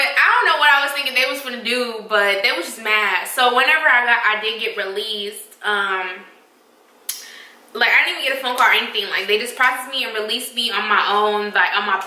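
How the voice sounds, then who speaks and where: A young woman vlogger telling a storytime tale in a lively, profane, emphatic way. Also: a little high, brisk, roomy sound, distant mic, low-quality recording. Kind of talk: storytime vlog.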